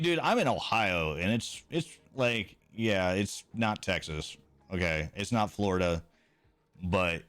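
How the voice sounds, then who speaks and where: A man streams a video game and chats casually with his viewers, laid-back, rambling, self-mocking, and swearing now and then. His voice sits low with a clean tone.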